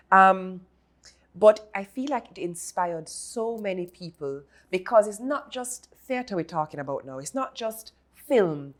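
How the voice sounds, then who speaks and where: A woman's voice: mid-range voice, fairly bright tone. A woman hosting an interview, effusive and admiring of her guest. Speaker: host.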